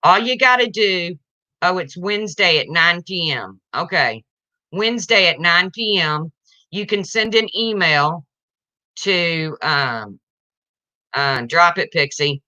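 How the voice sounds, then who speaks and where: A woman talks straight to her viewers in an indignant, confrontational livestream rant. Her voice sits a little low but sounds sharp and bright. The sound is dull and lo-fi. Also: expressive, slow.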